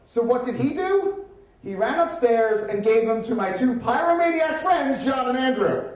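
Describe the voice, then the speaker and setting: A man from the Upper Darby area telling a comic, profane story at a live story slam, chatty and animated. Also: very high-pitched, moderate pace. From Upper Darby, Pennsylvania area. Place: stage at a live storytelling event. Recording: echoey room, voice from far off.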